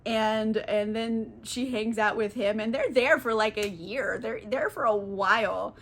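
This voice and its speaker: A woman's voice: on the high side, steady tone, unhurried, a bit bright. A young woman, tipsy, summarizing a book in a giggly, swearing, casual way, full of "like". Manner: giggly, swears a lot, filler-heavy. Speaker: book channel host.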